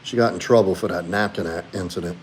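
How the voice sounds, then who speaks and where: A man's voice: fast talker, a little hiss or hum. A man, hosting a casual live stream and answering viewers' questions as he reads chat. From Louisiana. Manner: answers chat questions, talks to his dog in a high sweet voice. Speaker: livestream host and coach.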